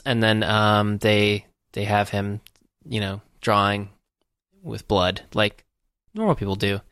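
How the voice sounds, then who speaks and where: Brief: a man with a low voice, rambling podcast recap, dry close sound. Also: flat delivery, measured pace, a bit bright, smooth, dry recording. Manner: rambling, filler-heavy storytelling. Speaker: podcast co-host. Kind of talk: casual movie recap chat.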